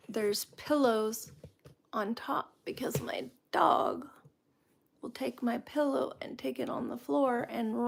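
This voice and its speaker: Woman host, casual cooking chat, slow rambling delivery, gravelly fry, slightly high voice, slips into near-whispers. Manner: chatty and rambling, with frequent restarts. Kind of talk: casual chat while cooking, reading viewer comments.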